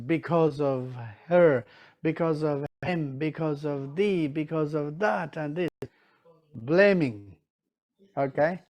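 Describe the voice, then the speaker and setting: Slow-talking man teaching a class. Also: a little high, a little mellow. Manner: checks in with listeners often, acts out students' excuses. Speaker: teacher of Tibetan medicine. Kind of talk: lecture to a class.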